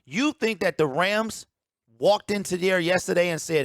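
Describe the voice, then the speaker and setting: A man's voice: high voice, normal speed, no room sound, clean studio sound. Emphatic ranting sports-talk man. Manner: emphatic, ranting, repeats key points. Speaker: sports commentator.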